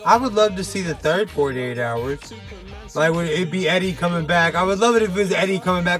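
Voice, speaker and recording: A man hosting a casual monologue recommending movies, rambling excitably with jokey asides. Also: high-pitched, a little fast, faint music behind.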